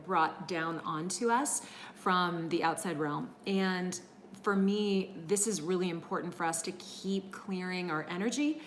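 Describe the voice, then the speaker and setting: A middle-aged woman teaching a live-streamed energy healing class, chatting warmly and greeting viewers by name, with many fillers. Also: on the low side, a little hiss or hum.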